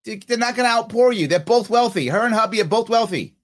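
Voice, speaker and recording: A podcast host with a New York accent talks bluntly over speech clips. His pitch swings widely and sits a little high for a man. He talks with open scorn and keeps pushing his point. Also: expressive, quick pace.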